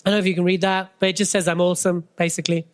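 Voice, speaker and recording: A lively speaker on an expo stage delivers a motivational business talk into a stage microphone. The delivery is conversational and punchy, with frequent quick questions to keep the audience involved. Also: mid-range voice, clean tone. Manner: keeps checking in with the audience through quick questions; energetic, conversational, punchy short phrases. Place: stage at a live expo event.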